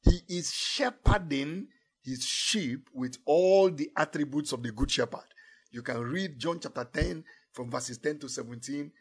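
A man preaching a sermon, emphatic, dropping to low murmurs and rising to raised declarations, stretching key phrases slowly. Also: husky.

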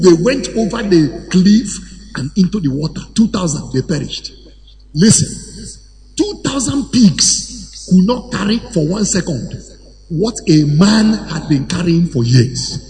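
A man preaching a sermon to a congregation, animated and at times shouting or chanting phrases. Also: high-pitched, a little slow, soft background music. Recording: hall reverb with faint ambience.

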